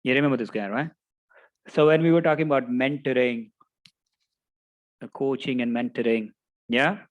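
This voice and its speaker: A man's voice: medium pitch, moderate pace, no echo, highs cut off. Middle-aged man lecturing with anecdotes. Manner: anecdotal, tags sentences with "right?". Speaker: project management instructor. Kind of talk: storytelling lecture.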